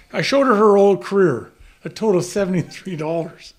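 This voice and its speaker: A man's voice: sits high, brisk. A man telling a long story in a casual chat, acting out the voices of the people he quotes and chuckling as he goes. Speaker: guest.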